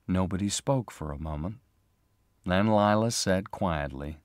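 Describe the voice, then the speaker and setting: Slow, expressive male storyteller. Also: low voice, no echo, clean studio sound. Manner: slow, clear, expressive reading. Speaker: narrator. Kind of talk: graded reader story narration.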